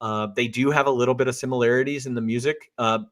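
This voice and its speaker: A man's voice: mid-range voice, steady tone, fast, a bit bright. Dry, teasing man in podcast chat. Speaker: podcast co-host. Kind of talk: casual chat.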